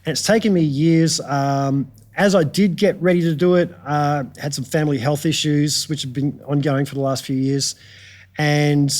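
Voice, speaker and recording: A middle-aged Australian man, a guitarist guest telling frank, animated stories in a casual chat. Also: a little high, moderate pace. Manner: animated storyteller, frank and chatty.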